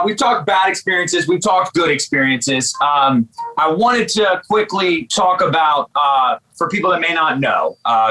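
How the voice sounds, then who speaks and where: A man hosts a casual interview in a slightly high, bright voice. He talks loosely and swears often. His questions are full of fillers. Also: poor audio. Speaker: interview host.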